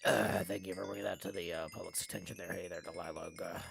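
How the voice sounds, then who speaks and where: Man, live streamer, tired, reading chat aloud, very gravelly, bright tone. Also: sits low, fairly even intonation, quick pace, faint music behind. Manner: reads chat aloud and banters with viewers. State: tired, low on energy. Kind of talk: casual game stream chat.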